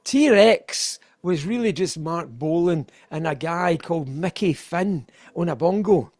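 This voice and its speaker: Speaking as a guest on a video-call interview, an older Scottish musician keeps things casual, rambling, laughing a lot, and running himself down. His fairly high voice is animated yet unhurried, with a darkish tone and no echo.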